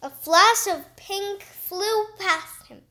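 A woman reading a children's story aloud in an expressive, lively way. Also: extremely high pitch, slow. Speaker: storybook reader.

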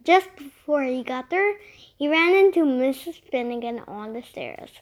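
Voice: high voice, unhurried. A child reading a chapter of a storybook aloud, carefully and steadily, with a few small slips. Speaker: reader.

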